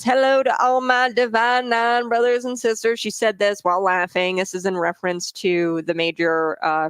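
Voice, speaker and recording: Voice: mid-range voice, a bit bright, no room sound. A radio talk show host giving opinion commentary, emphatic and repeating points with frequent fillers.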